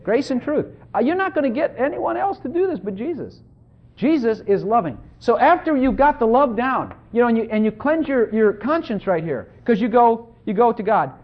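A lively preacher swings widely in pitch while talking to the congregation in an easy, conversational way. The sound is dull and lo-fi, like an old tape. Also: normal speed. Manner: animated, conversational, repeatedly asks "Hello?". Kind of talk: sermon. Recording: dull lo-fi recording.

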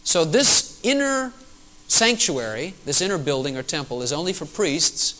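A male pastor preaching a sermon to his congregation, animated and full of rhetorical questions. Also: fairly high pitch, normal speed, poor audio.

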